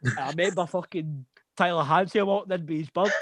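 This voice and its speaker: A man's voice: fairly high pitch, brisk, a bit bright, dry recording. A young man with a Scottish accent, telling a long laughing anecdote in casual chat, swearing freely. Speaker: podcast host.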